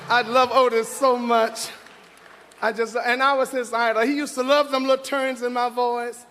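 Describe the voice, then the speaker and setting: On stage in a large hall at an awards ceremony, a man with an extremely high, bright, forceful voice gives an exuberant speech at normal speed with a level tone. He hollers, whoops, laughs, and breaks into snatches of song, with hall reverb and faint music in the background.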